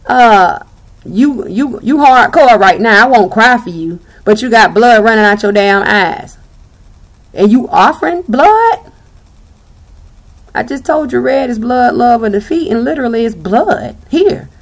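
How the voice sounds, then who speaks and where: A woman's voice: a little high, lively intonation, measured pace. A young woman with a Southern US accent giving a blunt, sassy tarot reading and swearing freely. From Southern United States. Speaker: tarot reader.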